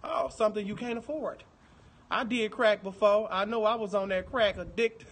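A man's voice: sits high, fairly even intonation, moderate pace, fairly bright tone. A man with a Detroit accent doing a livestream, chatting with viewers in a brash, profane, teasing way. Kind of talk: casual livestream chat.

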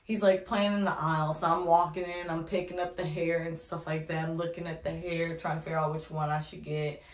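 Low-voiced woman venting in a storytime. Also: little pitch movement, fairly quick. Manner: candid, opinionated ranting asides. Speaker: vlogger telling a story. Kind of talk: casual storytime. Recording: echoey room.

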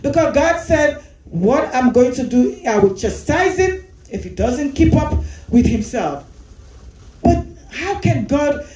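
A woman teaching Sunday school, her voice on the high side and mellow. She goes over scripture, repeats phrases and puts questions to the class. The sound rings in a roomy space. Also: sing-song, slow. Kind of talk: Bible teaching.

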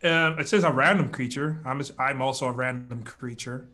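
A young man playing in a tabletop game, talking in a casual, halting way with restarts. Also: mid-range voice, sharp tone. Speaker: player.

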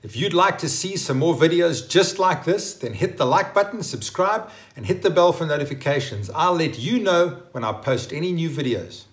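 Speaking at a normal speed with few pauses, this man has a slightly high voice and lively intonation. He runs his own channel, delivering a scripted English vocabulary lesson in an upbeat, emphatic style and acting out sample phrases.

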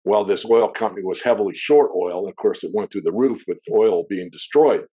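A man with a low, mellow voice, talking as an interview guest about markets. He explains at length, drifting into asides, and clears his throat now and then. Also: brisk. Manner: discursive, wanders into asides. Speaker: precious metals analyst guest.

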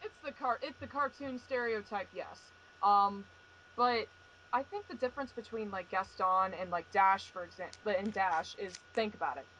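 Bright-voiced chatty woman podcaster. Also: mid-range voice, moderate pace, lo-fi sound, slight background noise. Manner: chatty, laughs often, fillers. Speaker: podcast co-host. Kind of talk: casual fan podcast chat.

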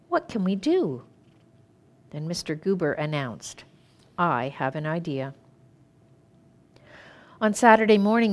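Calm woman minister reading a story. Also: mid-range voice. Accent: Canadian English. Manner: calm, clear storytelling with gentle expression. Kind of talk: reading a children's story aloud.

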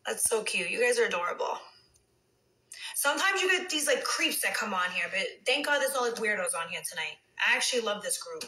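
A woman's voice: mid-range voice, lively intonation, a little fast, bright, forceful tone, rough recording. A woman, chatting late at night with viewers on a phone livestream and cursing out trolls. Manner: brash, swears freely, talks back to trolls. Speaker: reality TV personality on a phone livestream. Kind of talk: casual livestream chat with viewers.

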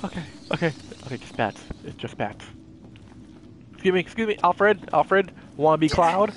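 A young man giving excitable, jokey commentary while playing a video game. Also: a little high, moderate pace, a little hiss or hum. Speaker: gaming YouTuber. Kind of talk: casual gameplay commentary.

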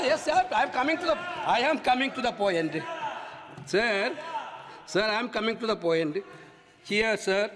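A man with a Malayali English accent speaks in a parliament chamber, his voice very high and pushing into shouts as he repeats his points. The big room adds a long reverb tail. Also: noisy background. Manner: forceful, repetitive, rising to shouts. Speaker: member of parliament. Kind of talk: parliamentary floor speech.

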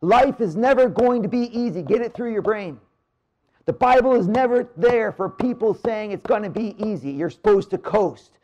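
A man with a high voice preaches at a marriage retreat in a church room. He speaks casually and with energy, then drops into slow, quiet stretches to stress a point. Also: lively intonation. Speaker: priest giving a marriage retreat talk. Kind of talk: live retreat talk. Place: church room near the Blessed Sacrament.

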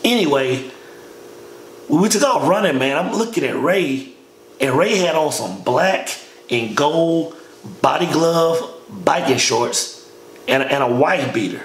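A man's voice: a little high, takes it slowly. A man telling a long personal story in a casual, slangy way, calling the listener "man" again and again. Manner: relaxed, says "man" constantly, slangy. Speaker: storyteller recounting army training. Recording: echoey room with faint noise.

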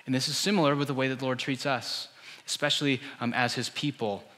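A man's voice: medium pitch, steady tone, brisk, pushed and bright. A male pastor giving a sermon in a conversational style, full of rhetorical questions. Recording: church hall with long reverb.

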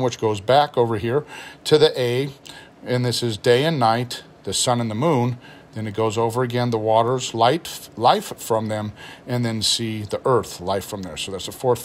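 In a Bible unboxing review, a pastor with a mid-range voice shows off a study Bible, explaining its notes in a relaxed, explanatory way and reading passages aloud as he goes.

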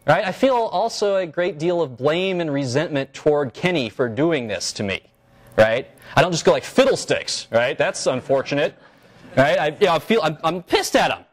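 Animated man giving a casual philosophy lecture. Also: fairly high pitch, normal speed. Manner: animated, joking, lots of fillers and restarts, checks in with "right?". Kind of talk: university seminar lecture. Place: lecture room at a seminar.

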